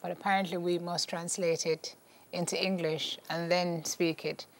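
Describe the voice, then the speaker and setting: A woman's voice: lowish voice, little pitch movement, normal speed. A Jamaican woman hosting a morning TV show, upbeat and teasing as she explains a game's rules. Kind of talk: playful accent game on TV. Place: TV studio.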